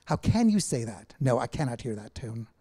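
A man reading aloud and voicing an animated young woman who keeps pressing an old friend with eager questions. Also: medium pitch, normal speed. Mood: pleading.

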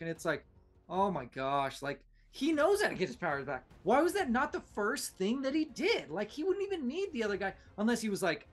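Animated man arguing about superhero films. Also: high voice, moderate pace. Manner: animated, rambling, restarts a lot. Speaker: podcast co-host. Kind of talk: casual pop-culture debate.

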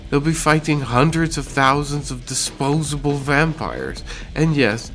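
A man voicing a sly young vampire villain who is the hero's uncle, talking in a silky, calm, gloating way. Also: on the high side, a little slow, faint music behind, voice pushed up.

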